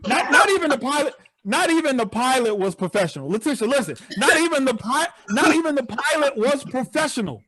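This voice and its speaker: High-voiced animated stand-up comedian. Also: male voice, fairly quick. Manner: animated storytelling, acts out incredulous outbursts. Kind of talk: virtual stand-up set. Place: home, on a video call. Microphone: video call.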